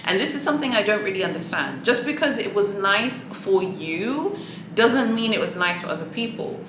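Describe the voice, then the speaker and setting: A woman's voice: mid-range voice, animated, moderate pace, roomy sound, background noise. A woman vlogger giving sassy, chatty commentary and calling people "honey" and "boo-boo". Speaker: luxury handbag vlogger. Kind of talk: casual opinionated commentary.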